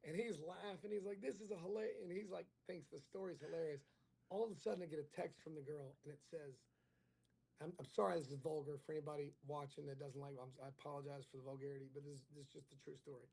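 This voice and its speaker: A male comedian in casual chat, telling a rambling, crude, self-mocking story and acting out every line of dialogue. His voice is gravelly and husky, sitting a little high for a man. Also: steady tone, fast, darkish tone. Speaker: comedian guest.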